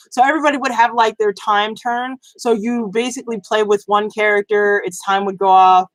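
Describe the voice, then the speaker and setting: A woman's voice: mid-range voice, fairly bright tone, no echo, poor audio. A woman chatting casually about video games on her vlog, rambling with many fillers and restarts. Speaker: gaming news vlogger. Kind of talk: casual chat.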